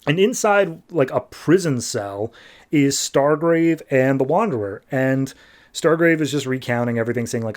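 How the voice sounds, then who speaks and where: A man on a podcast casually recapping a comic book, tossing off characters' lines in quick, loose voices. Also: a little high, lively intonation, darkish tone. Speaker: podcast host.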